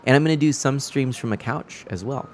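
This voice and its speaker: A man's voice: medium pitch, a little fast, a little hiss or hum. Rambling, chatty male game streamer. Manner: chatty, rambling, stumbles over words. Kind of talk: casual chat while playing a game. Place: room at home. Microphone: new desk mic setup.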